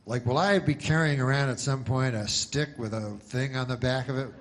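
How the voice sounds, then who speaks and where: A man performing a stand-up comedy set with a dry, deadpan, rambling delivery. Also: mid-range voice, moderate pace.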